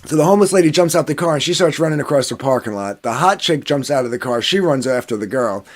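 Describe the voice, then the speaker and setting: A man's voice: on the high side, fast. A man casually telling a story on a podcast panel, swearing and acting out what people said. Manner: animated, swearing, acts out quotes.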